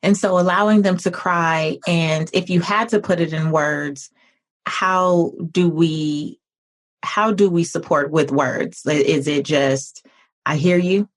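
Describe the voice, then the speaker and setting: Podcast host, woman with a low voice; reflective and unhurried, working out her thoughts as she talks. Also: fairly even intonation. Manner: reflective, thinks aloud with pauses. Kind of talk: podcast interview conversation.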